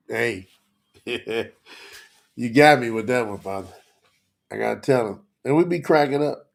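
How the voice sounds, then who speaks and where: A man's voice: mid-range voice, unhurried, creaky, long pauses. A man teaching scripture on a livestream, talking straight to the viewers in the chat, emotional and close to tears.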